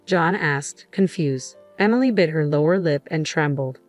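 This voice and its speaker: A woman reading a first-person story aloud in a calm, even voice. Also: sits low, moderate pace, soft background music. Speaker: narrator.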